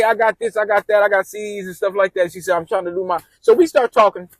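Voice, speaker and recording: A man's voice: sits high, dry recording. A man telling a rambling personal story casually, repeating and restarting phrases as he goes.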